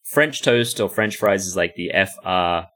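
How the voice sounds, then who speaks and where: A man co-hosting a podcast, joking in quick, animated casual chat. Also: sits low. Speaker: podcast co-host.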